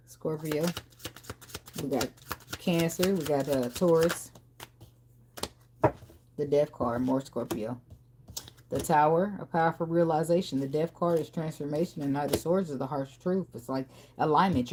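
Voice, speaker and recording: A woman's voice: deep voice, darkish tone, slight background noise. A woman giving a casual tarot reading in a blunt, profane, talkative way. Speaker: tarot reader.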